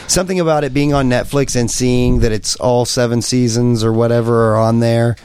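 A man's voice: medium pitch, steady tone, fairly quick, a little mellow, clean tone, dry recording. Rambling joking man, dry sound. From Kansas. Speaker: podcast host. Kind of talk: casual chat.

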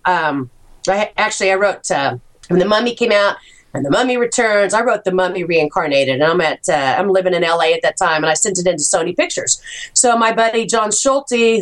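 A middle-aged American woman, an author, chatting casually and telling animated stories about her writing. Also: medium pitch. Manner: animated storyteller, acts out quoted voices. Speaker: author guest. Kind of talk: casual chat.

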